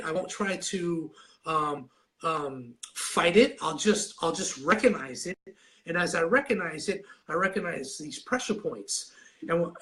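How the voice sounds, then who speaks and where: A man's voice: high-pitched, a bit bright. A man fighting a cold, a little nasal, coaching on anxiety in a live video and talking in a rambling, repetitive way with many restarts. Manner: rambling, repeats and restarts a lot; demonstrates breathing while talking.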